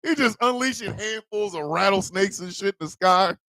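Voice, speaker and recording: Male host, high voice, gravelly edge, comedic rant, loud and profane. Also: moderate pace, no room sound. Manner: animated, profane, loud, laughing often. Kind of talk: comedic live-stream rant.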